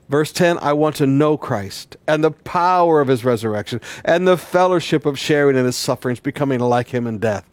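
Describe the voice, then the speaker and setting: A male pastor preaching a sermon, repeating words and swinging between loud declaring and quiet, pressing emphasis. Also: medium pitch, normal speed, hardly any pauses, no echo.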